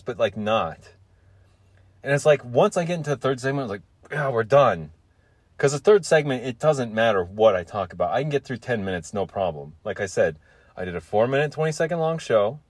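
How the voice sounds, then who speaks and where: A young man hosts his own solo podcast, rambling through a story about groceries in a medium-pitched voice with no room sound. He jokes and teases himself as he meanders along.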